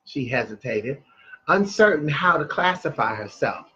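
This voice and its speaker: Husky man reading a story aloud. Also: fairly high pitch, very animated, moderate pace, bright, forceful tone, muffled recording. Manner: chatty, loses his place and restarts.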